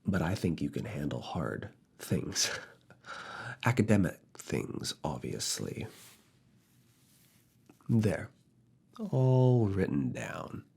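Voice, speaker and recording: A man voicing a strict, teasing male university professor in a slow, soft, deliberate whispered role-play. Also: sits low, very animated, creaky, husky, exaggerated voice. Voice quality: soft, hushed, often whispered. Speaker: ASMR roleplay creator.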